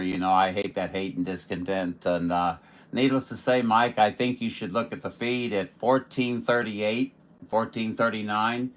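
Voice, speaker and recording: A man from Missouri, a radio operator chatting in a casual, folksy, joking way with other stations. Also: lowish voice. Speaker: radio operator streaming contacts. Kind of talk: casual ham radio chat.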